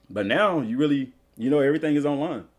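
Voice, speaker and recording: A man's voice: on the high side, slightly rough. A male gaming streamer chatting casually and rambling through stories while he plays. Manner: rambling, loose storytelling. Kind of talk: casual live-stream chat.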